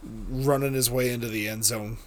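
A young man co-hosting a casual fantasy football podcast, reacting quickly and laughing often. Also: medium pitch, fairly even intonation. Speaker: podcast co-host.

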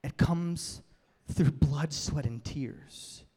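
A man's voice: a little high, drawn-out words, mellow, husky. Man preaching in a reverberant hall. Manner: conversational, building to emphatic peaks. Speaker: pastor. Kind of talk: sermon. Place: church hall with long reverb.

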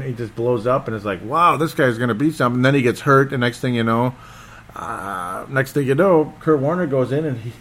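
A man hosting a casual solo football recap, rambling and excitable and often losing his train of thought. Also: medium pitch. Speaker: sports podcast host.

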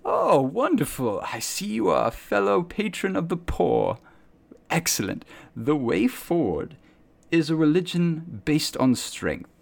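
A man's voice: on the high side, big pitch swings, measured pace, gravelly, pitched above the performer's own voice, heavily acted. A man voicing a zealous male street preacher in white robes who lectures eagerly on his creed. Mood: preaching. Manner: eager, lecturing, grandly sermonizing.

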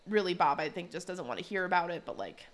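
A woman's voice: lowish voice, animated, quick pace. Giggly chatty woman podcast co-host. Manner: chatty, giggly, quotes characters in playful voices. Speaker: podcast co-host recapping an episode. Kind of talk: casual chat.

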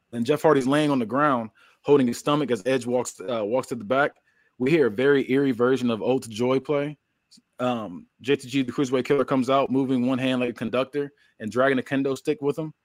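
A man talks through a long recap in a loose, rambling way, filling his pauses with ums and uhs. His voice sits in a middle range and sounds dry and close to the mic, with no room around it. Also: medium pitch, no echo. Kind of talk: casual podcast chat, recapping a fantasy wrestling show.

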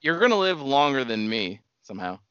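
A man's voice: mid-range voice, very animated, fairly quick, pushed and bright, clean tone, no room sound, muffled recording. A man co-hosting a casual podcast, teasing his friend and laughing a lot. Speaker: podcast co-host.

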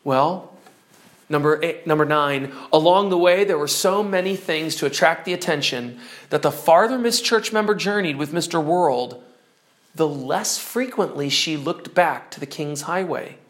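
A preacher teaching from notes, telling an allegory dramatically and slowing down to stress key words. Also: medium pitch. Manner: animated, dramatic storytelling, drops to slow emphasis. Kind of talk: storytelling sermon lesson.

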